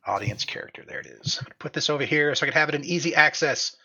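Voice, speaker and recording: A man running a tabletop game as game master on a live stream, goofy and animated, laughing often, on a slightly dull mic. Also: fairly high pitch, fast talker, breathy edge.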